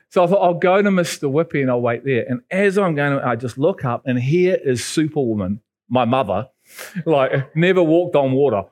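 A man from England, preaching a sermon and telling stories with sudden high jumps in pitch. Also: expressive, moderate pace, darkish tone. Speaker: pastor.

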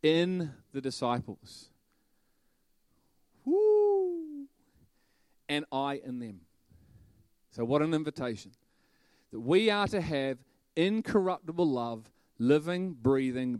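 Animated male preacher with a dry sound. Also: medium pitch, no room sound. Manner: animated, bursts into loud shouting and laughter. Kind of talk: sermon.

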